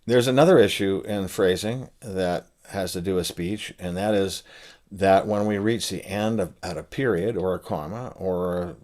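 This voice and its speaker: An older man explaining musical phrasing in a relaxed spoken lesson, pausing with fillers as he thinks aloud. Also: deep voice. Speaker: saxophone teacher and author. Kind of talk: casual spoken lesson to camera.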